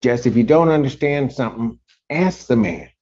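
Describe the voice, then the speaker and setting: A man's voice: normal speed, darkish tone. Stern male judge on dull courtroom audio. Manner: stern, lecturing, jumps high in pitch when incredulous. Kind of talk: courtroom proceedings.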